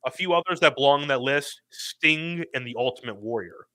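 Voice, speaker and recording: A man with a bright, sharp voice co-hosts a casual podcast. He mostly answers in short agreements, then states his opinions firmly. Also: mid-range voice, brisk. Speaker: podcast co-host. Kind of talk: casual chat.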